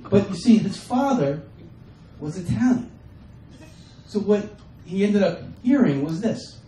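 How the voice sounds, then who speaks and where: A man performing a stand-up comedy set, acting out his family members in quick bits. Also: a little high, animated, mellow, slight background noise. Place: comedy stage before a live audience. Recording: roomy, distant mic with faint ambience.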